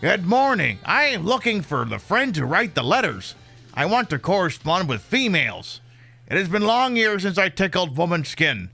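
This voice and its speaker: Guy doing a creepy leering young dude, pitched up, bright, lots of swing. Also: very animated, normal speed, creaky, breathy edge, dry recording, soft background music, heavily acted. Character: creepy overeager young man seeking women.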